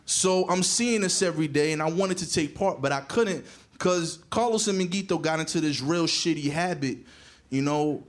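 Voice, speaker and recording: Profane New stand-up storyteller. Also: male voice, on the high side. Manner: animated, profane, punchy delivery. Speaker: stand-up comedian.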